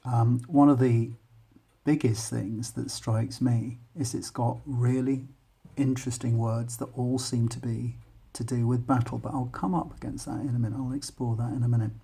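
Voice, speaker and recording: A man with an English accent, talking students through a poem and thinking aloud in an unhurried, explanatory way. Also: medium pitch, level tone, vocal fry, dark tone, slightly rough. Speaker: English teacher.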